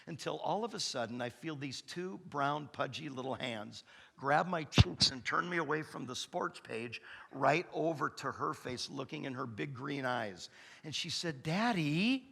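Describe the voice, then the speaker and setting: A man in his fifties preaching a sermon as pastor, an animated storyteller who acts out the dialogue with big comic outbursts. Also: medium pitch, normal speed, vocal fry, slight background noise. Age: 50s. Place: church sanctuary.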